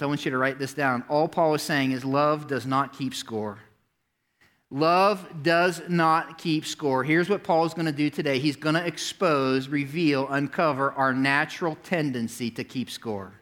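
Male pastor, middle-aged, sermon voice, bright and tense, a touch high, animated and conversational with the crowd. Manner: animated, rising to near-shouts when stressing a point; talks directly to the congregation, asks for hands and notes. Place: church sanctuary before a congregation.

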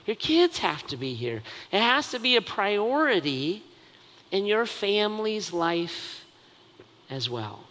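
A man's voice: high-pitched, very animated, slow, sharp tone, in a large hall. A man preaching a sermon as the pastor, conversational and self-mocking, with lots of asides.

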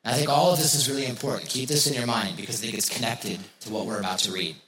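A male pastor in the middle of a sermon, chatty and plain-spoken, who keeps asking the congregation questions and circles back to repeat his main points. His voice sits at an ordinary middle pitch. The sound carries a roomy echo, as in a church sanctuary. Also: rapid-fire, fairly bright tone. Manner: conversational, rhetorical questions, repeats key phrases.

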